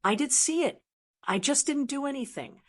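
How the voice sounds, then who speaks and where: A man's voice: very high voice, expressive, moderate pace, a bit bright, voice pushed up. A woman voicing a forty-year-old son, ashamed and crying, his voice breaking as he apologizes. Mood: remorseful. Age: 40s. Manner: broken, apologetic. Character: grown son, ashamed and tearful.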